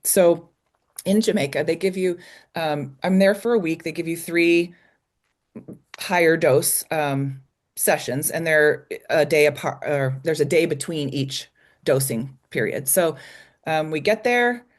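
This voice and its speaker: In a low voice at a slightly slow pace, a woman from a small logging community in Idaho, in the United States, opens up in an interview. Her personal story is candid and emotional, full of ums and restarts.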